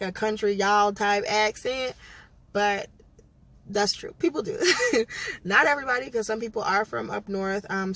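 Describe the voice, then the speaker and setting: A woman's voice: medium pitch, a bit bright. A young adult woman from Massachusetts, talking frankly in a casual vlog, full of ums and likes. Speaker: vlogger.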